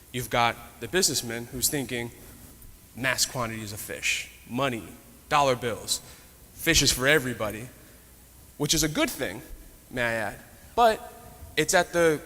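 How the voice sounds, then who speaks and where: A man's voice: medium pitch, a bit bright. A man teaching an adult Bible study class in a conversational way, retelling stories with asides. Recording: echoey hall reverb.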